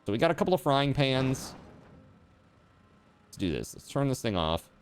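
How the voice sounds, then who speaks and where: A man's voice: mid-range voice, very animated, moderate pace, slight background noise. A man streaming a video game, chatting casually and teasingly with his viewers as he plays. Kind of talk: casual chat while gaming on stream.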